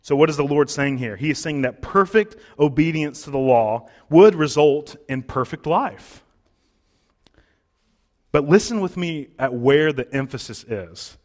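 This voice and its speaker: A man's voice: on the high side, expressive, measured pace, a little mellow. A man preaching a sermon in a conversational way, with fillers and restarts, as pastor of the congregation.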